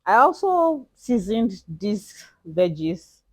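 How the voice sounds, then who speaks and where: A woman talking through a cooking tutorial in a relaxed, chatty way, often repeating herself. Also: medium pitch, takes it slowly, no echo. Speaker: cooking channel host. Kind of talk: casual cooking tutorial voice-over.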